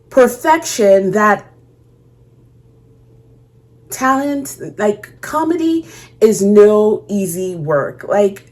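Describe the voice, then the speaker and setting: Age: adult. Sex: woman. Role: reaction host. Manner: chatty, musing aloud. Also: a little high. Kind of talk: casual reaction commentary.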